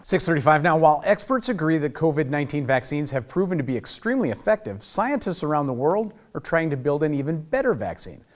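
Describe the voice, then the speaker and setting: A man reading scripted news headlines as a morning news anchor, steady and formal. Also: a little high, quick pace, hardly any pauses.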